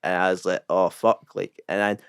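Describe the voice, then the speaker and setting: A Scottish man spins a long, sweary anecdote with deadpan self-mockery. His voice sits a little low and comes through smooth and clean. The sound is close and dry, with no room around it. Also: normal speed, no echo. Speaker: comedian guest. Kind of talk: casual storytelling anecdote.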